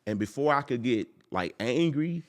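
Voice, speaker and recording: A young man, a podcast guest, telling a personal story in a casual, animated way and acting out the people in it. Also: mid-range voice, normal speed. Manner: animated, acts out quoted people.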